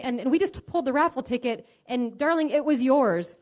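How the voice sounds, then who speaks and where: A woman's voice: high-pitched, expressive, a little fast, darkish tone. A woman hosting a club meeting, calling a raffle winner on the phone in front of a room of people, bubbly and laughing, tripping over repeated words. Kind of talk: excited phone call in front of a live audience. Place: restaurant meeting room with a crowd.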